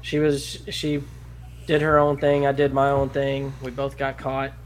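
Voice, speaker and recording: A man's voice: medium pitch, completely flat delivery, measured pace, a little hiss or hum. A man on a podcast telling a rambling, profane story and laughing along as he goes. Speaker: podcast co-host. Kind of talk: casual podcast chat.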